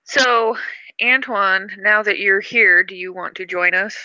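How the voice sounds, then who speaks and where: Giggly woman with a very bright voice. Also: medium pitch, unhurried, dry recording, muffled recording. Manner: giggly, animated. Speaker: co-host of a live stream. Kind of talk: casual chat and storytelling. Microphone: computer mic on a video call.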